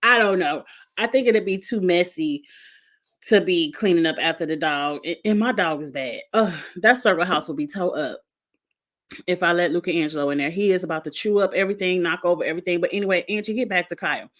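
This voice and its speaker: A chatty woman hosts a casual recap reviewing a reality show, giving frank opinions and addressing the contestants directly. Her voice is lowish and fairly bright, and she talks a little fast.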